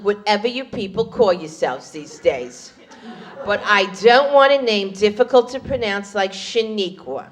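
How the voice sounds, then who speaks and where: A woman's voice: a little high, lightly acted. A woman doing a pushy Jewish mother-in-law. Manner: pushy, condescending.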